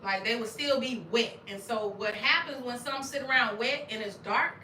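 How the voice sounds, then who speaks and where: A middle-aged woman from Arkansas, hosting a casual chat, animated and laughing often with loud exclamations. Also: a little high, normal speed, slight background noise. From Arkansas, USA. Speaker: channel host. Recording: roomy sound, distant from mic.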